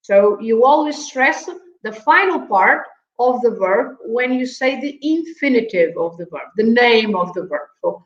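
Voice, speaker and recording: Woman teaching grammar, lots of ums, unhurried, roomy lo-fi video call sound. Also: fairly high pitch, lively intonation. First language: Portuguese. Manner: patient, many fillers, checks in with "right?", light laughs. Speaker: language teacher guest. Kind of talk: explaining grammar on an online show. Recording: echoey, dull lo-fi video call audio.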